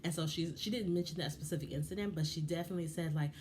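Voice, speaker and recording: A woman's voice: deep voice, very fast, darkish tone, slight background noise. A woman vlogger giving casual, impassioned and frustrated commentary on a reality show.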